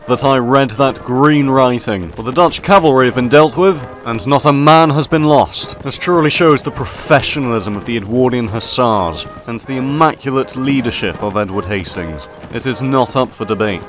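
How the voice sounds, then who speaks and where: Gamer in mock-posh officer banter. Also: male voice, mid-range voice, normal speed, fairly bright tone. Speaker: gaming commentator. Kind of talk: let's play commentary. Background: faint background music.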